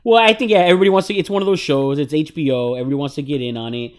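A man chatting casually with friends on a show, jumping into side notes and rants. He laughs often and gets louder and more excited as he makes his points. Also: fairly high pitch, very fast. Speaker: podcast co-host. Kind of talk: casual chat.

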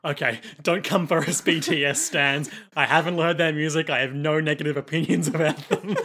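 A man leads a casual podcast chat, wry and quick to giggle. His voice is bright and forward and sits slightly high. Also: steady tone, slight background noise. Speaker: podcast co-host.

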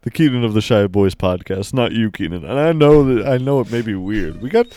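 A man's voice: fairly low pitch, lively intonation, fairly quick, dark tone, no room sound. A man co-hosting a podcast, teasing his partner in improvised comedy banter. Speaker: podcast co-host.

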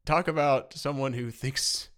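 A man's voice: mid-range voice, fairly even intonation, unhurried, a bit bright. A man co-hosting a podcast in casual chat, playful and jokey, with bursts of laughter. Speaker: podcast co-host.

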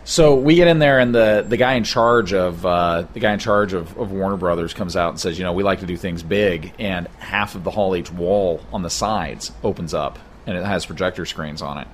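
A man's voice: deep voice, moderate pace, hardly any pauses, slight background noise. A man co-hosting a casual chat in a hostel room, telling a long rambling story with many fillers. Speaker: podcast co-host.

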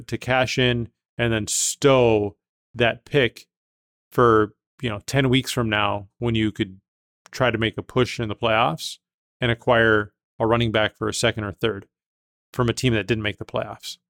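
A man's voice: medium pitch, steady tone, moderate pace, no echo, clean studio sound. A man hosting a podcast, casual chat, talking emphatically and thinking aloud with restarts. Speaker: podcast host.

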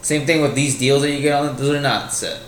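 A man's voice: mid-range voice, fairly even intonation, fairly quick, reverberant, slight background noise. A young man co-hosting a podcast in casual chat, laid-back and matter-of-fact. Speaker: podcast co-host.

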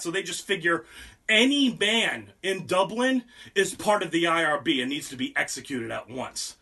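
A man's voice: high voice, pushed and bright. A young man hosting a podcast and telling a history story as casual, profane, mocking comedy.

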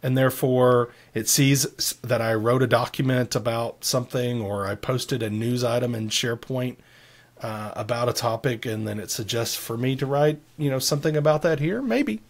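A man co-hosts a casual tech podcast. He talks at a middle pitch for a man. He explains software features at length and slips in joking asides. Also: normal speed. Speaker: podcast co-host.

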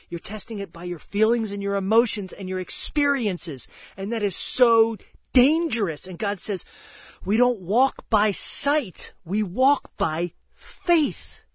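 A man preaching a sermon, impassioned and emphatic, swinging between loud declarations and hushed near-whispers. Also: high-pitched, no echo.

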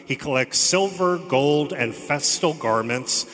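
Bright-voiced preacher in an echoing hall. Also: male voice, fairly high pitch, animated, slow. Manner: conversational storytelling with joking asides. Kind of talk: sermon. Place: church. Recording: long reverb of a large hall.

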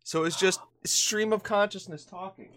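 A man's voice: sits high, steady tone, normal speed, sharp tone, no echo. A tired man co-hosting a casual podcast. He jokes around, laughs often and restarts his sentences. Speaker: podcast co-host.

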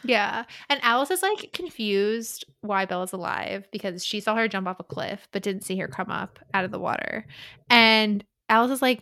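A woman in casual chat, relaxed and dry, with lots of fillers as she trails through her thoughts. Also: medium pitch, normal speed, dry recording. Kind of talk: casual book-recap chat.

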